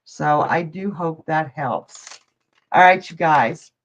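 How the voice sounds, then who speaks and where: A woman's voice: sits low, slow pace. A middle-aged woman giving psychic readings on a live stream, chatty and jokey, laughing often. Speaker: psychic reader. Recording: dull lo-fi stream audio.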